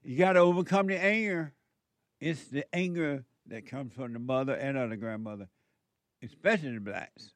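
A man's voice: medium pitch, normal speed, no echo. A man hosting a call-in radio show, giving spiritual advice in a drawling, preachy way with frequent chuckles.

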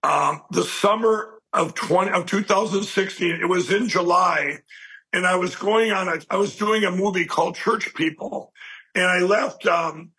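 A man being interviewed, telling a long personal story in a rambling, animated way and acting out what people said. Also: high voice, normal speed, slightly rough, low-quality recording. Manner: animated, rambling storyteller who acts out quoted speech. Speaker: interview guest.

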